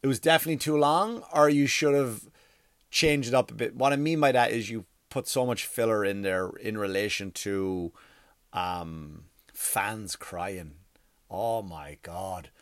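A man's voice: lowish voice, a little slow, no echo, clean studio sound. Rambling, swearing male comedian. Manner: rambling, profane, full of "like" and "you know". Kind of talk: comedic monologue. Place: workspace across from a school.

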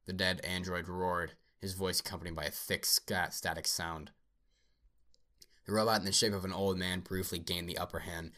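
A man reading a science fiction story aloud at a steady pace, with small slips. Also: low-pitched. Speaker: narrator.

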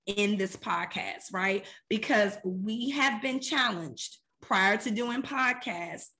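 A woman's voice: medium pitch, takes it slowly, bright, forceful tone. A woman co-hosting a faith podcast, talking about prayer in an earnest, conversational and emphatic way. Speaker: podcast co-host.

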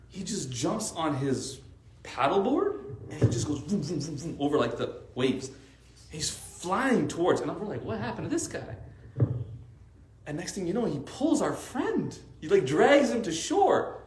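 Lively man telling a faith-circle story. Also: a little high, roomy sound, a little hiss or hum. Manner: animated storytelling with many "like" fillers. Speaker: Arabic teacher leading a faith circle. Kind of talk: casual religious talk.

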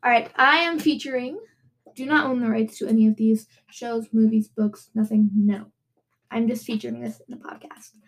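A woman's voice: a little high, steady tone, moderate pace, rough recording. A young woman hosting a casual solo podcast, bubbly and giggly, full of rambling asides. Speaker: podcast host.

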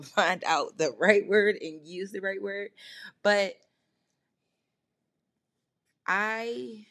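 A woman with a lowish voice talks straight to the mic in a loose, confessional monologue. She rambles from topic to topic and swears freely, and the sound is dry and close. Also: no room sound. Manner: blunt and heavily profane. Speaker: podcast host.

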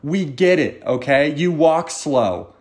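A man hosts his own podcast, rambling off the cuff with jokes, swearing, and self-mocking asides. His voice sits on the high side, animated yet unhurried, with a slightly mellow quality.

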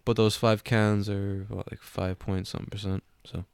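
A man's voice: fairly low pitch, little pitch movement, normal speed, gravelly, darkish tone, clean tone, dry recording. A man co-hosting a podcast in casual chat, crude and joking, swearing a lot. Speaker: podcast co-host.

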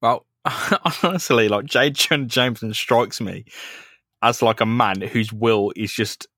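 A man's voice: mid-range voice, measured pace, sharp tone, no echo. A man co-hosting a comic book podcast, laughing as he recaps the story into a close microphone. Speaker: podcast co-host. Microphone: close studio mic.

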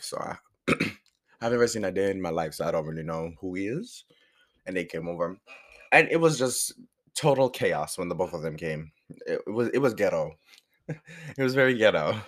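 A man hosting his own podcast in a rambling, casual way, hoarse from a sore throat and pausing now and then to chew. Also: low voice. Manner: rambling, chatty, pauses to chew food. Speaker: podcast host. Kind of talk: casual solo podcast chat.

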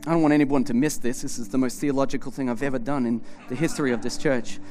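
A man's voice: medium pitch, steady tone, quick pace, a little mellow, soft background music. A man preaching a humorous sermon in a church, telling stories animatedly and acting out both sides of conversations. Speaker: pastor.

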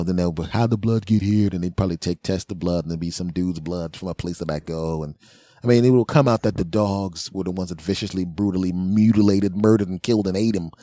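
Speaking in a low register, a man hosts a podcast and spins a wandering, comedic story, lively and playing out the characters' voices himself. He's a comedian, and the audio has no echo.

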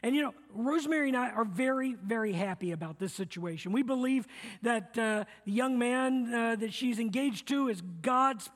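With a very high, fairly bright voice at normal speed, this middle-aged male pastor preaches earnestly in the sanctuary. He repeats his phrases and has the congregation echo lines back, all under the long reverb of a church hall.

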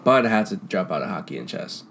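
Young dude, lowish voice, slangy storytelling, laughs a lot, faint noise in the background. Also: male voice, very animated, quick pace, vocal fry. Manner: slangy, laughs a lot, trails into quiet mumbles. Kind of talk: casual storytelling chat.

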